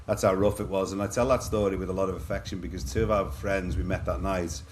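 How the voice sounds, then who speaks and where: A man's voice: sits low, steady tone, quick pace, slight background noise. A middle-aged man from Liverpool with an English accent, a podcast guest telling his own stories in a chatty, anecdotal way and calling the host "mate". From Liverpool, England. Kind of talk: candid storytelling in a podcast interview.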